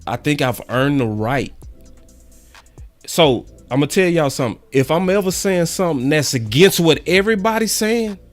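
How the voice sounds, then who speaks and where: A man's voice: on the high side, animated, moderate pace, soft background music. A man hosting his own sports channel, delivering a slangy, emphatic fan monologue that repeats its points for weight. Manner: emphatic and repetitive, slangy and preachy. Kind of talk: fired-up fan commentary monologue.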